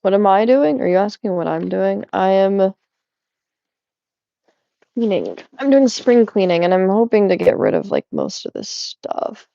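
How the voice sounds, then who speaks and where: Playful young woman with a gravelly edge. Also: medium pitch, very animated, moderate pace, pauses often, dark tone, no room sound, highs cut off. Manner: playful, teasing, rambling. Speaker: streamer. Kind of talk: casual chat while cleaning. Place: indoors at home.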